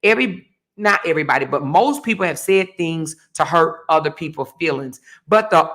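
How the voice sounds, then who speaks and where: Gravelly, bright-voiced woman ranting. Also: low-pitched, lively intonation, moderate pace. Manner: heated, blunt, profane, repeats her points. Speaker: livestream host. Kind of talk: casual livestream rant.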